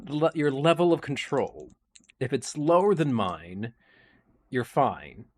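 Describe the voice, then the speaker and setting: A man's voice: mid-range voice, sing-song, takes it slowly. A man narrating a tabletop game as game master, playful and often laughing.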